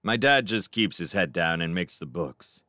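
Cocky chatty teen boy, read by a man, teasing, low voice, lively lilt, dry sound. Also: moderate pace, dry recording.

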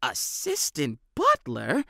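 A man's voice: sits high, sing-song, moderate pace, sharp tone, no room sound, studio quality, voice pushed up, full character voice. A man voicing a playful, mock-formal teenage boy who clowns around in an audiobook. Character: joking, theatrical young teen best friend.

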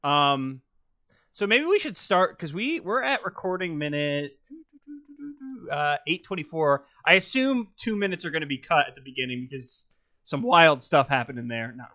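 A man's voice: on the high side, lively intonation, normal speed, bright, forceful tone. A man co-hosting a podcast, chatting in a wry, meandering way. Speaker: podcast co-host. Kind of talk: casual chat. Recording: dull lo-fi mic.

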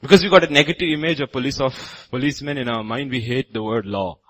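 A man pastor from India preaching a sermon in a church, with sudden loud rises on repeated phrases. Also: medium pitch, fast talker, no echo, poor audio.

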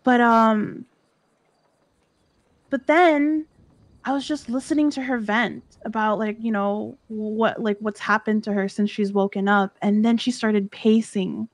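A young woman speaks in character on a roleplay stream, recounting events in an earnest, emotional way. Her voice sits a little high. The sound is dry and close. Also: flat delivery, a little slow, dry recording.

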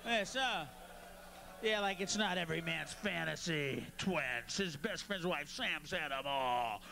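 A man doing a stand-up routine on a club stage, brash and profane, working the crowd and bursting into shouts. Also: fairly high pitch, animated, takes it slowly, gravelly, slight background noise. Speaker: stand-up comedian.

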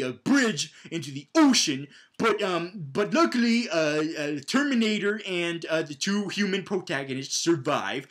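A man's voice: high-pitched, fairly bright tone. A young man giving a casual, comedic movie recap, rambling with many fillers and stammered restarts.

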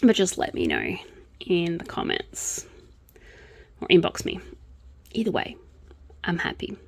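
A woman's voice: fairly low pitch, wildly swooping pitch, unhurried, gravelly, a little mellow. Sarcastic chatty woman vlogger. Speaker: crochet and true crime vlogger. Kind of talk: casual chat while crocheting.

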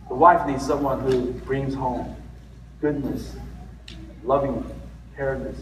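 A man's voice: mid-range voice, darkish tone. A middle-aged man preaching a sermon as a pastor, in a conversational way, laughing often as he tells stories. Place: church hall. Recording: roomy echo, distant mic, noisy.

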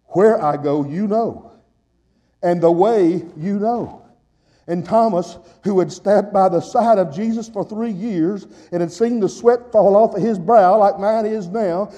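Older male preacher, high voice, hall echo. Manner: fervent preaching that builds to shouts, calling the congregation to respond. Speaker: pastor. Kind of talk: sermon. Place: church sanctuary.

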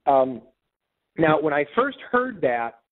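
A man telling a personal story as an interview guest, speaking haltingly with many fillers and restarts. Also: fairly high pitch, very animated. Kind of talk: casual storytelling. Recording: tinny phone-like call audio.

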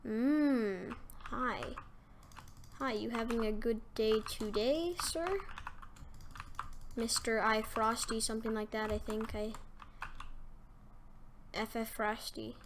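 A woman doing casual, self-mocking commentary over a game, excitable and prone to sudden gasps and yelps. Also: a little high, slow pace, pauses often, background noise. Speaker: gaming commentator.

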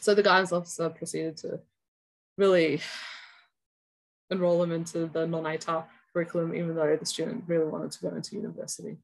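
Woman presenter, fairly low voice, patient explanatory delivery. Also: little pitch movement, a little fast, creaky, rough recording. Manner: explanatory, walks through a cloak sample step by step. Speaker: educator presenter. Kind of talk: conference presentation.

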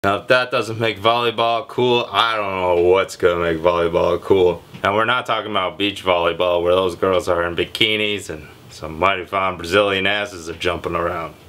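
A man hosting a comedic news vlog, sarcastic and irreverent, with a deliberately lazy, low delivery. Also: steady tone, fairly bright tone. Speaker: vlog host.

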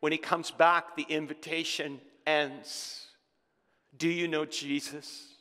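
A man's voice: on the high side, little pitch movement, slow pace, sharp tone, in a large hall. A man preaching a sermon as pastor, calling out to the congregation with rising fervor, recorded in a church sanctuary.

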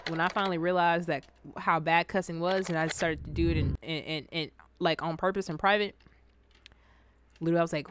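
A woman's voice: lowish voice, steady tone, brisk, a bit bright, clean tone. A young adult woman chatting casually, telling funny childhood stories and reacting to comments. She laughs often and swears freely. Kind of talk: casual storytelling chat.

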